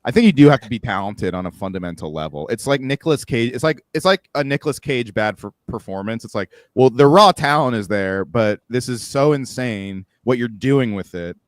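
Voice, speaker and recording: A man's voice: medium pitch, expressive, fairly quick, hardly any pauses, no echo, clean studio sound. A man co-hosting a podcast, tossing in joking asides in casual chat. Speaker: podcast co-host.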